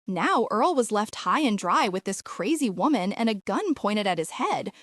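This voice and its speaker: A woman narrating a fiction audiobook with expressive storytelling. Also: medium pitch, moderate pace, no room sound, studio quality.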